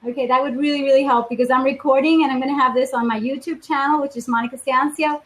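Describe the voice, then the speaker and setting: A woman's voice: high voice, fairly even intonation, fast talker, rough recording. A woman from Venezuela talking openly and emotionally on a live stream, tearful at times. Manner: emotional, open and heartfelt, with warm laughter. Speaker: fitness vlogger. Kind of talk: live-streamed personal talk.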